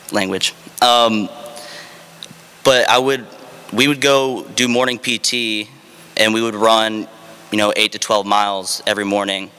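Ex-Marine storyteller, frank and self-mocking, crisp and forceful tone. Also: male voice, fairly low pitch, in a large hall. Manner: frank and self-deprecating, with fillers and dry humor. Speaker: former Marine sharing his drinking story. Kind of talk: candid personal storytelling.

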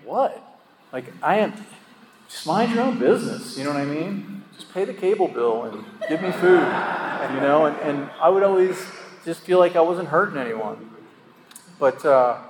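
Rambling man in an echoey hall. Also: mid-range voice. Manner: rambling and self-deprecating, heavy with fillers and chuckles. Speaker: speaker sharing his story at a recovery meeting. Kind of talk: candid personal storytelling. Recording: echoey hall with faint ambient noise.

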